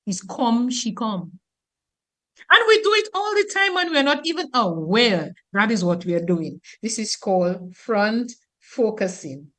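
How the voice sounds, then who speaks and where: A woman teacher from Dominica, explaining grammar on the radio in an animated, teacherly way. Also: a little high, normal speed.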